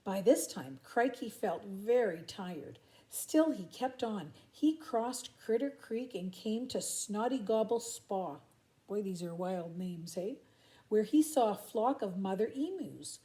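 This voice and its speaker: A woman's voice: medium pitch, animated, slow pace, mellow. An older grandmother reading a picture book aloud and stopping for chatty asides. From Canada.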